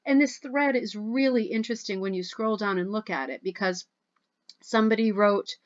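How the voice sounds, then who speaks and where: A woman with a mid-range voice talks at a moderate pace over lo-fi sound. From her home, she leads a rug hooking club video, chatting warmly and gushing as she reviews and reacts to social media posts.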